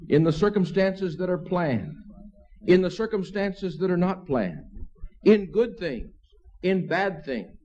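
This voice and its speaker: A man with a high voice preaches a sermon in a relaxed, talky way, dropping in asides and soft chuckles. The recording is dull and lo-fi. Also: measured pace. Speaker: pastor.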